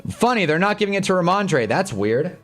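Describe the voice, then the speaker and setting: A man hosts a live football stream, rambling through casual commentary, reading chat and getting loud and excited over big plays. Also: sits high, fairly quick, faint music behind.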